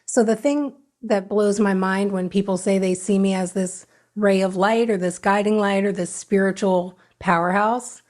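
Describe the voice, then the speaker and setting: A middle-aged woman, a podcast guest, telling her recovery story frankly and with feeling, acting out what she said back then. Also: medium pitch. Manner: frank, emotional, re-enacts her own past words.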